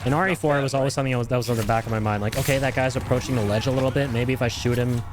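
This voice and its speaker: A medium-pitched man talks very fast in a steady tone while streaming a game, with background noise behind him. His casual commentary is full of jokes, ironic mock-serious remarks, rambling and restarted sentences.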